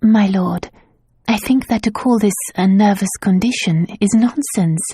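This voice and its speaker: Woman doing a poised young governess, calm and formal. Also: medium pitch, measured pace, slightly rough, dry recording. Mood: composed. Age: 20s. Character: composed, dignified young woman applying as governess.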